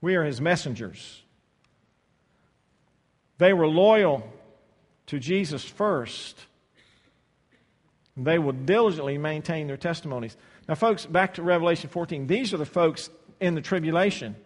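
A man preaching a sermon in a hall with a long reverb tail. His voice sits a little high for a man. He swings between booming, drawn-out scripture reading and hushed, low-spoken asides, repeating words as he restarts. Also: animated.

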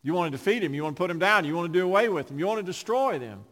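A male pastor delivers an impassioned sermon in a high-pitched voice. He leans into big, loud emphases and then sinks into quiet, low phrases. His words echo with a long reverb through a church sanctuary. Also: animated, very fast.

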